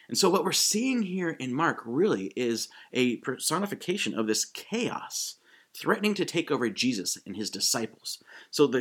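Husky, lively preaching man. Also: medium pitch. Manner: animated, conversational preaching with quick acted-out quotes. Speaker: pastor. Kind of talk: sermon.

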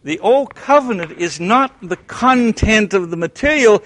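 A man teaching a Bible class who questions his listeners, answers himself, and swings between loud emphasis and hushed tones. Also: sits high, animated, moderate pace, few pauses.

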